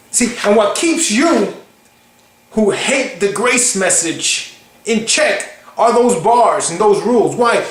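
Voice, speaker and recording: A man delivers a casual, emphatic preaching monologue and acts out short quotes. His voice sits very high for a man. The room around him is echoey. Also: a bit bright. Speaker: online preacher.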